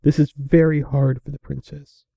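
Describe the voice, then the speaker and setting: A man voicing a gentle, timid old female pegasus pony who speaks softly. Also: on the high side, level tone, moderate pace, creaky, dry recording. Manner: soft-spoken, whispery.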